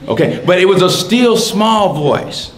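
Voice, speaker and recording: A man preaching a sermon as pastor, swinging from shouts down to soft whispers and repeating his words. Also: high voice, big pitch swings, a little slow. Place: church sanctuary. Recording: echoey church room, faint background noise.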